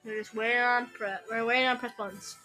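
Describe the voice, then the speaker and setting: A woman with a high-set, very bright voice gives loose, slangy play-by-play while gaming. She trash-talks her opponent between matches, speaking into a desk or headset mic. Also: level tone, fast, faint music behind, low-quality recording. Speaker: streamer. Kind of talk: casual gaming commentary.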